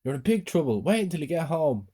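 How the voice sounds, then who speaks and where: A man's voice: on the high side, big pitch swings, fast, dark tone, slightly rough, pitched above the performer's own voice. A man voicing an angry, abusive middle-aged father who snarls threats. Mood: furious.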